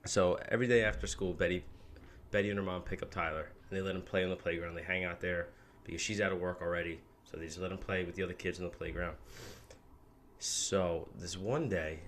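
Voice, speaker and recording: Podcast guest, man, very low voice, earnest, faint hiss behind. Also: steady tone, fairly bright tone. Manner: earnest, measured, with casual swearing. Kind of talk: casual chat.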